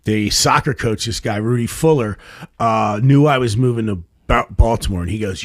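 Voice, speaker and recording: A man's voice: fairly low pitch, normal speed, no echo, clean studio sound. A middle-aged man, a stand-up comedian guest, telling rambling, profane anecdotes with many restarts on a casual podcast.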